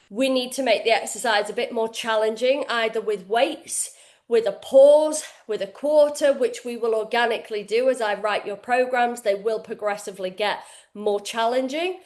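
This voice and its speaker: A woman coaching a workout live from her kitchen, breathless as she demonstrates moves. Her voice sits high and her talk is casual and energetic, with the odd swear word. The room gives it a noticeable echo. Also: moderate pace. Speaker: fitness coach. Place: home kitchen, indoors.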